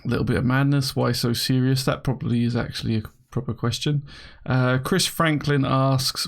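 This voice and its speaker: Man, gravelly voice, podcast host, casual chat, laughs a lot, from Britain. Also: medium pitch, fairly even intonation, normal speed. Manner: laughs often, reads listener questions aloud.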